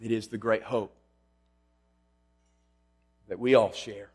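A man preaching a sermon, emphatic, rising loud on questions and dropping to a hush on key lines. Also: lowish voice, steady tone, slow, slightly rough. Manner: emphatic, swings between loud and hushed. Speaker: pastor.

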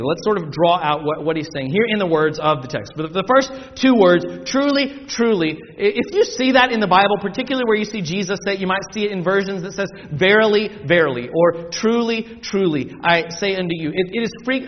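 Male pastor, high voice, sermon delivery: loud, slow scripture readings and chatty explanations. Muffled, reverberant church recording. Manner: dramatic scripture reading, shifting from loud slow proclamation to soft asides; conversational teaching with repetitions and restarts.

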